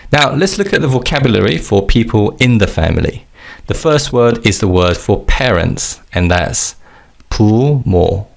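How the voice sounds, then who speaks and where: A man with a low, slightly gravelly voice teaches a recorded language lesson. His intonation moves a lot as he explains each word clearly and patiently and leads repeat-after-me drills. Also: fairly bright tone.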